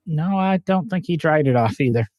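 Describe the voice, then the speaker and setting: A man's voice: a little high, animated, moderate pace, darkish tone, dry recording. A man co-hosting a casual car podcast, chatting in a rambling, joking way. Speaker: podcast co-host. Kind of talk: casual chat.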